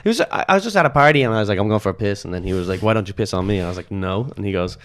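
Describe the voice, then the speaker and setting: A man's voice: on the low side, animated, racing. A young man, a podcast guest, telling crude stories in casual chat with stammered restarts.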